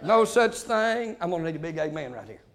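A man preaching a fiery sermon, often shouting and punctuating his lines with amens. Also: fairly high pitch, very animated. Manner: shouting, rapid-fire with frequent amens. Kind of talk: fiery Pentecostal-style sermon.

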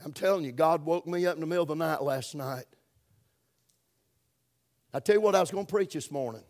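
A middle-aged man with a Southern US accent, preaching a folksy, emphatic sermon that swings between loud stresses and soft, drawn-out words. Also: on the high side. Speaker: pastor.

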